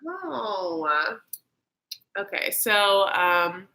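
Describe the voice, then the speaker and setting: A woman hosts a loose reality-TV recap, talking in a chatty, campy way. Her voice is bright and crisp at an ordinary middle pitch, and she keeps slipping into exaggerated voices to mimic people. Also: big pitch swings, very slow, low-quality recording. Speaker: host. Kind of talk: casual reality-TV recap chat.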